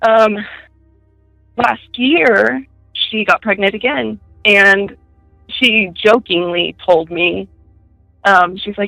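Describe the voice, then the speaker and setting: A woman telling personal ghost stories in a chatty way, full of fillers, and switching into high voices when she quotes people. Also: fairly even intonation, slow, creaky, bright, forceful tone, no room sound, faint music behind, rough recording. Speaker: guest.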